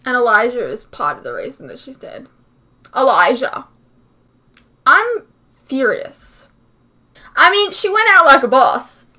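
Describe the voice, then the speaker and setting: A woman's voice: high voice, big pitch swings, measured pace, long pauses, bright, forceful tone. A young woman hosting a reaction vlog, ranting in frustration, swearing often and filling her talk with "like". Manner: frustrated, swears a lot, fillers like "like". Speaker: reaction channel host. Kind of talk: casual reaction vlog rant.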